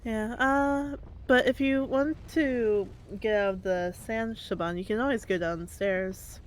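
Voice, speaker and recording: A woman's voice: fairly high pitch, fairly even intonation, measured pace, slight background noise. Woman player, easygoing conversational delivery. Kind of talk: casual tabletop play.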